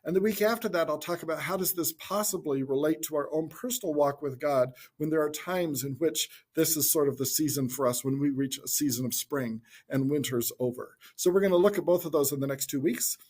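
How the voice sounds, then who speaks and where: A man giving an informal Bible teaching talk in a gentle, reflective way, thinking aloud as he goes. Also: on the high side, fairly quick, hardly any pauses, husky.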